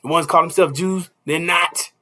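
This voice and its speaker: A man's voice: on the high side, fairly even intonation, moderate pace, bright, forceful tone. A man preaching a casual street sermon, stopping often to ask "you see?" and chuckling between points.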